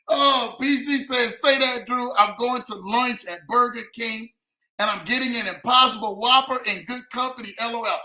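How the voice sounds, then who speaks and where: A man's voice: extremely high pitch, normal speed, pushed and bright, reverberant. A man hosting a casual live stream, reading out viewer comments and chatting easily, laughing often and calling people man and brother. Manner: laid-back, laughing, keeps saying man and brother.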